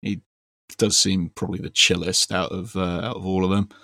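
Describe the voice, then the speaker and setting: A man's voice: deep voice, fairly even intonation, fairly quick, sharp tone, dry recording. A man hosting a podcast, chatting casually in a dry, teasing way with lots of fillers. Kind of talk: casual chat.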